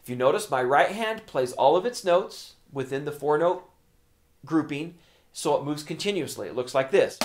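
A man's voice: on the high side, animated, normal speed, slight background noise. A man teaching a drum lesson, patiently explaining hand motions and counting rhythms aloud as he demonstrates. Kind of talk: instructional lesson.

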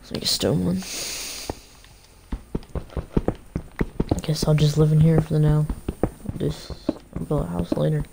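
Low gravelly woman streaming a game. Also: level tone, slow pace, long pauses. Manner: chatty, reactive, mild cursing. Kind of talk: casual gaming stream commentary. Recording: noisy stream audio with clicks.

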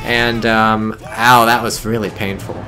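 A man's voice: lowish voice, steady tone, unhurried, music in the background. A man casually commentating a strategy game, chatty and rambling with joking asides. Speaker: game caster.

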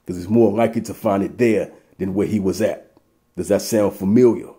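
A man's voice: fairly low pitch, fairly even intonation, brisk, dark tone. A man reading scripture aloud and preaching to an audience of brothers, stopping often to drive his points home. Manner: reads verses aloud, then breaks in to address brothers. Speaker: Bible teacher.

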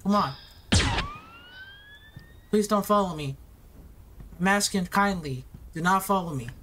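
A woman's voice: mid-range voice, unhurried. A woman narrating her own horror game play, nervous and pleading, talking in slang. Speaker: gamer. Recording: noisy recording.

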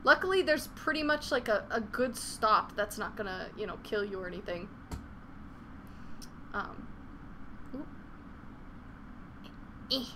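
A woman's voice: mid-range voice, animated, a little slow, pauses often, noisy background. A young woman chatting casually on a live gaming stream, swearing freely and venting frustration between laughs. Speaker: game streamer.

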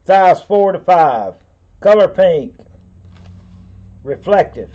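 A man's voice: high-pitched, lively intonation, takes it slowly, dark tone, lo-fi sound. A man with a Southern US accent running a live online auction, rambling in a folksy way and calling viewers by name. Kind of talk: live-stream auction patter.

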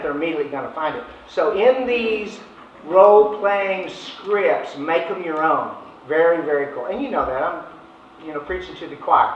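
A man's voice: a little high, a little hiss or hum. A man leading a sales training session, talking in a folksy, casual way and acting out phone chats. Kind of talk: informal training talk. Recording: echoey, distant, dull room recording.

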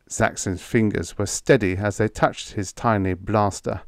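Slow, low-voiced male audiobook narrator. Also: steady tone, dry recording, clean studio sound. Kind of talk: calm sleep-story narration.

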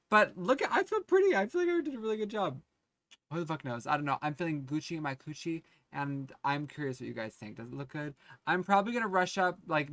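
A young man talking to his camera at home in a casual confessional vlog, candid, profane and self-mocking, swinging between loud outbursts and quiet murmurs. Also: fairly high pitch, no room sound. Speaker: vlogger and streamer.

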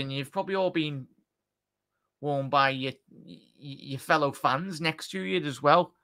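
Excitable man hosting a football watchalong. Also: a little high, unhurried. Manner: excitable, chatty, addresses chat directly. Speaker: watchalong host. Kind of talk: live football watchalong commentary.

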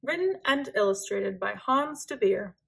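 A woman reading a children's picture book aloud in a gentle, expressive storytelling manner. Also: medium pitch, unhurried, gravelly, slightly rough.

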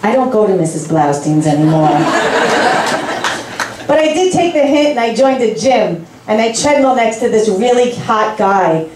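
A woman in her forties performing a stand-up set of deadpan, self-mocking one-liners in a comedy club. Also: fairly high pitch, moderate pace, a little hiss or hum. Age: 40s. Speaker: stand-up comic. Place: club stage with audience. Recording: echoey room, from a distance.

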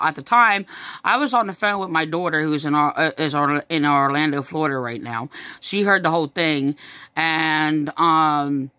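A distressed woman telling her story to the camera in a halting, repetitive way, with many fillers and sighs. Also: low voice, sharp tone, clean tone, no echo. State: upset. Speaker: vlogger recounting a family incident. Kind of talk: distressed personal account to camera.

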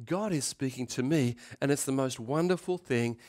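A middle-aged male pastor giving a sermon in an animated preaching manner, acting out voices and calling out loud. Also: medium pitch, normal speed, noisy background.

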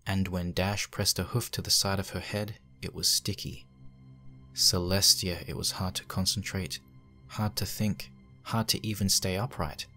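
Low male horror reader, hushed, faint music underneath. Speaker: fanfic reader. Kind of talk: dramatic horror narration.

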